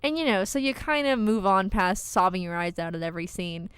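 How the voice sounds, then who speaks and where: Smooth-voiced woman radio co-host. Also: mid-range voice, expressive, brisk, a bit bright, no room sound. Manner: chatty, steering the talk back on track. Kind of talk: casual college radio chat.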